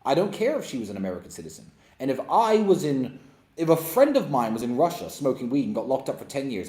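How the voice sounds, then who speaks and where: A man's voice: mid-range voice, warm tone. A man in his thirties giving a blunt, scornful opinion monologue as a commentator. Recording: roomy echo.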